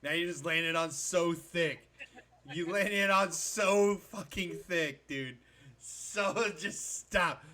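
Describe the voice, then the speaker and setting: A man hosting a casual stream chat, animated and mock-outraged, swearing freely. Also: a little high, takes it slowly. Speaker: stream host.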